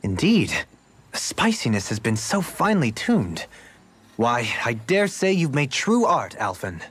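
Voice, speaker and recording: An actor voicing a refined, formal nobleman who speaks with elegant, measured words in a video game. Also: medium pitch, big pitch swings, fairly bright tone, breathy edge, heavily acted. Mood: admiring.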